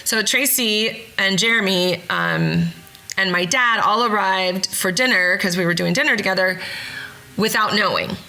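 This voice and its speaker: A woman hosting a podcast, telling a story in a rambling, excited way and often correcting herself mid-sentence. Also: medium pitch, measured pace, low-quality recording. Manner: rambling, with frequent self-corrections and fillers. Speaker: podcast host. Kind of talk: casual storytelling.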